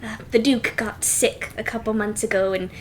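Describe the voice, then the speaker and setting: A woman voicing a shy young alchemist and herbalist who talks quickly and apologizes a lot. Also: on the high side, steady tone, slight background noise, lightly acted.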